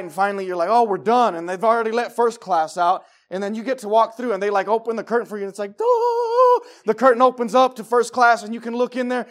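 A man preaching a sermon, telling folksy, jokey stories and swinging from hushed asides to loud outbursts. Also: very high-pitched.

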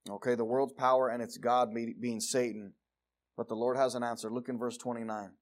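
A male preacher giving a sermon, reading scripture and moving from loud declarations to quiet asides. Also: mid-range voice, level tone, brisk. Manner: reads scripture aloud in King James wording.

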